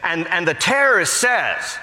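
Animated high-voiced pastor preaching in a hall. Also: male voice, measured pace. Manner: animated, acts out quotes and voices. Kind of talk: sermon.

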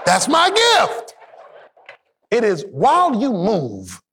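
A man preaching with a high, lively voice that climbs into shouts and then drops low. He calls on the congregation to repeat his words to their neighbors. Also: husky. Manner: emphatic preaching, swinging between shouted peaks and low asides; call-and-response, has the congregation repeat lines. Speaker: pastor. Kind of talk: sermon.

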